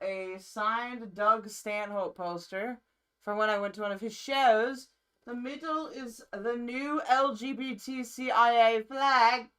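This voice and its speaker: Woman streamer, unhurried delivery, rambling casual chat, swears now and then. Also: a little high, a bit bright, clean tone. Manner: rambling, chatty, casually profane. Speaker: live streamer. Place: her own room.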